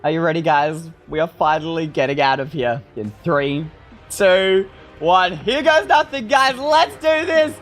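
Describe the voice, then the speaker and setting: Excitable high-voiced gaming man. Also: unhurried. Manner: excitable, talks to viewers as "guys". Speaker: gaming video creator. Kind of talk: let's play commentary.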